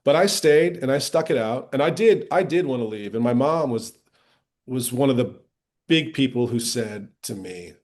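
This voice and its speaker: A middle-aged man, an actor, talking candidly as a podcast guest and recounting past experiences. He acts out other people's lines with lively shifts in tone. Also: mid-range voice, moderate pace. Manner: animated retelling, acting out quoted voices with lively shifts. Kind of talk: candid storytelling in a casual interview.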